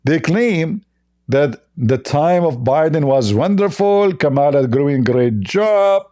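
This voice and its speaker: A man's voice: on the high side, lively intonation, takes it slowly, warm tone. A man giving sarcastic reaction commentary on clips, mocking and scornful, rambling with broken grammar.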